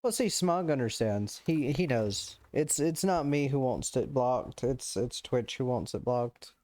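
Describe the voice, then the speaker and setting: A man's voice: mid-range voice, animated, unhurried, darkish tone, no echo. A man streaming a game live, chatting casually, joking and laughing often, stumbling and restarting his sentences.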